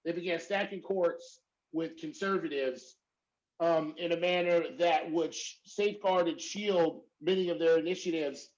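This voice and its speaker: A man's voice: on the high side, moderate pace. A man speaking as a professor on a panel, talking emphatically and checking in with "right?" again and again. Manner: emphatic, repeats "right?" often. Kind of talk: panel discussion. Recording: dull lo-fi audio.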